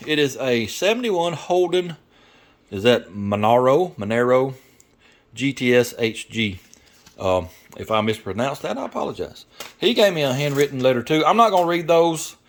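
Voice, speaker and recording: A man with a Southern American accent talking casually in a garage workshop, rambling and folksy, thinking out loud with lots of fillers. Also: fairly high pitch, lively intonation, moderate pace. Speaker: garage YouTuber and mechanic. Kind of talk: casual workshop vlog talk.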